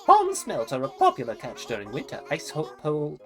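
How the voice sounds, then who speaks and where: A woman's voice: deep voice, wildly swooping pitch, brisk, a bit bright, faint music behind, exaggerated voice. A woman voicing a fussy, erudite male owl who runs a museum, with a prim, wordy and polite manner and a hooting catchphrase. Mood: pompous.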